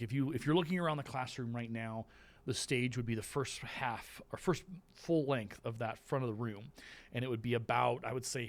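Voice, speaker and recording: A man teaching a class, explaining the staging of a play in a loose, rambling way, with restarts and playful voices. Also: mid-range voice.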